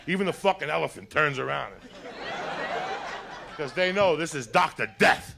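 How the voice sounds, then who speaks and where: A man's voice: on the high side, animated, moderate pace, vocal fry, noisy background. A man from Cuba doing a stand-up set, telling rowdy, profane stories. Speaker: stand-up comedian. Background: audience laughter.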